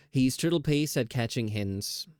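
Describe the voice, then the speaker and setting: A man's voice: mid-range voice, a little mellow, no room sound, studio quality. A man streaming live, chatting casually in a rambling, self-teasing way with laughs.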